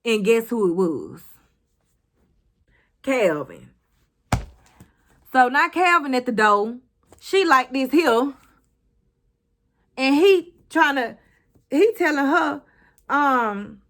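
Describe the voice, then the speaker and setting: A woman's voice: high-pitched, sing-song, takes it slowly, long pauses, a bit bright. A young woman recapping a TV episode in a casual, sassy, blunt way, swearing and talking back to the characters. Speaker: recap vlogger.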